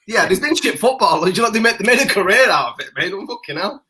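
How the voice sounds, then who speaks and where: A British man co-hosts a podcast, chatting casually and trading jokey banter with frequent laughs; he is a parent. His voice sits high and sounds bright and forceful, expressive and quick-paced.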